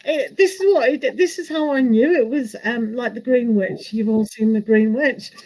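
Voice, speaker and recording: A woman chats casually to her live stream viewers, laughing often and poking fun at herself. Her voice sits a little high. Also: moderate pace, a little mellow, low-quality recording. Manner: chatty, laughs often, self-mocking. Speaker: tarot reader and live stream host.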